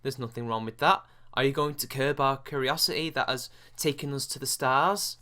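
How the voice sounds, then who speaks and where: A British man talks back at a clip in sarcastic commentary, mocking, profane and exasperated. His voice is bright and forward, sitting at an ordinary middle pitch. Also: fairly even intonation, moderate pace. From England. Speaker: commentary video host.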